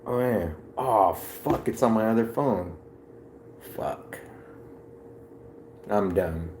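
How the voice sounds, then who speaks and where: A man's voice: fairly low pitch, slow pace, darkish tone, roomy sound, slight background noise. Rambling, casual male streamer. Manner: loose, rambling, swearing. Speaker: livestreamer. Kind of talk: casual chat with viewers.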